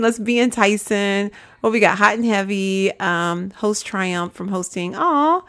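A woman's voice: medium pitch, measured pace, a bit bright. A woman hosting a casual let's-play, chatting to viewers and calling them y'all. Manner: chatty, addresses viewers as y'all, breaks into laughter. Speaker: gaming channel host.

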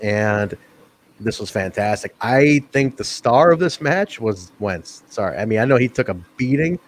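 A man co-hosting a casual wrestling review podcast, profane and quick to laugh. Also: on the low side. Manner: profane, animated, laughs often. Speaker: podcast co-host.

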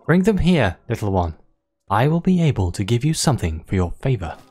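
A game player voicing a gentle, motherly giant female creature queen from a video game, reading her lines with a cooing, doting manner. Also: mid-range voice, sing-song, fairly quick, slightly rough. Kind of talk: reading game dialogue aloud.

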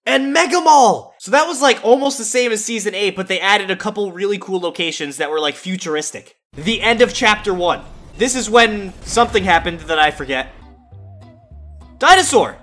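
A gaming YouTuber giving excited reaction commentary, chatty and reminiscing, bursting into shouts and exclamations. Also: medium pitch, normal speed, faint music behind.

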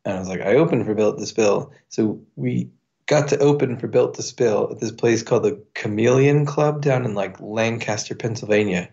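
A man's voice: lowish voice, moderate pace, vocal fry, a little mellow, lo-fi sound. A man telling a long, profane anecdote in a casual podcast chat, with many fillers. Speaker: podcast guest. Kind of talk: casual storytelling.

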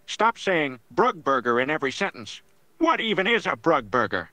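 A man's voice: on the high side, big pitch swings, moderate pace, pushed and bright, no room sound. A text-to-speech voice playing a grumpy older man who scolds and bosses people around. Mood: annoyed. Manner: scolding, bossy and easily annoyed. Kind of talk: text-to-speech chatbot character.

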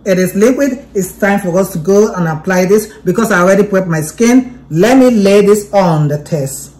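A woman reviewing a beauty product in a chatty, excitable vlog, often repeating herself as she demonstrates it. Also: medium pitch, moderate pace. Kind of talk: casual product demo vlog.

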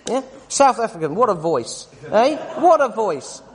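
A man's voice: high voice, very animated, a little slow. A man in his forties teaching a Bible study in sermon style, emphatic and often tossing tag questions at his listeners. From United Kingdom. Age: 40s. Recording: long reverb of a hall.

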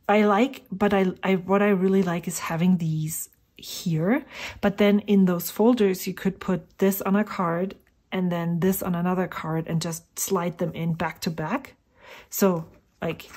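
Slow, breathy middle-aged woman rambling. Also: on the low side, darkish tone. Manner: rambling, thinking aloud, sometimes dropping to a whisper. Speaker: fountain pen vlogger. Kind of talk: casual rambling chat while swatching inks.

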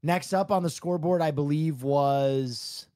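A man's voice: on the high side, a little slow, warm tone. A man hosting an online contest, announcing picks and running the rounds. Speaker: game show host.

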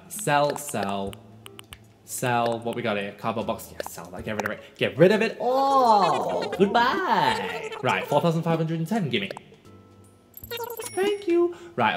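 A man hosting a video game let's play, chatting to himself in an animated, talkative way. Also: medium pitch. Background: game music.

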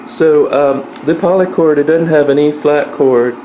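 Man, casual vlog chat, rambling, fillers, slightly high voice, organ playing behind. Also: normal speed, muffled recording. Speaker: vlogger showing an instrument. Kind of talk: casual show-and-tell vlog.

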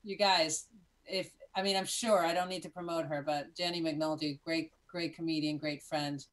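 A woman guest in a casual chat, telling her story in a gushing, animated way over a video call. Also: sits low, normal speed. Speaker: podcast guest.

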